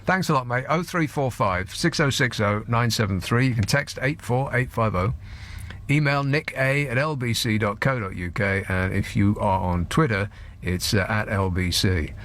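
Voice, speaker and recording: A man's voice: lowish voice, normal speed, fairly bright tone. A man hosting a radio phone-in, sardonic and teasing as he pushes back on a caller. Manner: sardonic, dry, teasing pushback.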